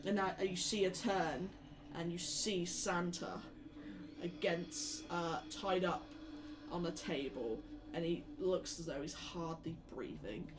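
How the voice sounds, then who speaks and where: A woman's voice: fairly low pitch, slow pace, background noise. Woman running a tabletop game. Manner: relaxed, descriptive storytelling with fillers. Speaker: game master.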